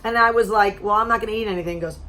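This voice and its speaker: A woman vlogger telling a story to camera in a blunt, animated way, swearing freely, her voice a little strained as she loses it. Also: mid-range voice, very fast, slight background noise. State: losing her voice.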